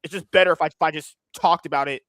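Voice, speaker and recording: A man's voice: on the high side, steady tone, quick pace, a bit bright, no echo. Crude joking man, dry sound. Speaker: podcast host. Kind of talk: casual crude banter.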